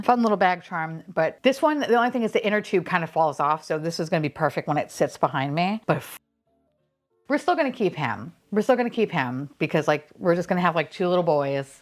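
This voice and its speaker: Gushing, swearing woman with lively pitch. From Florida. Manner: gushing, excitable, swears freely, sudden squeals. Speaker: unboxing vlogger. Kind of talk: casual unboxing chat.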